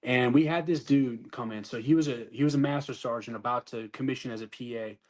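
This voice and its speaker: A man of middle pitch tells his own story in a loose conversation. He swears freely, talks bluntly, and acts out the voices of the people he describes. His manner is casual and unpolished, like an army soldier recounting events. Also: brisk, a little mellow.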